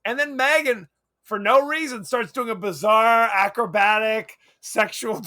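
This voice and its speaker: A man's voice: sits high, a little slow, bright, forceful tone. A man co-hosting a podcast, chatting casually and animatedly about a movie, often laughing and acting out lines. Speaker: podcast co-host.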